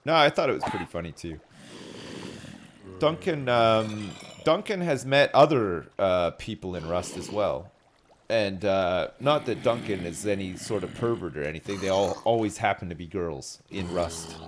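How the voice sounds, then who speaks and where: Lively joking male streamer. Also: deep voice, normal speed, slight background noise. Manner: joking, animated storytelling with swearing. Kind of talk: casual live-stream chat while gaming.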